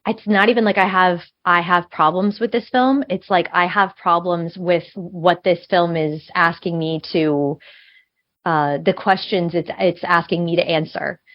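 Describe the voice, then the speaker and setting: A woman's voice: on the low side, steady tone, unhurried, dry recording. A woman co-hosting a podcast, arguing passionately in casual chat and saying "like" often. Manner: passionate, argumentative, uses "like" often. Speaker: podcast co-host. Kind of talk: casual film discussion. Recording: dull lo-fi sound, dry.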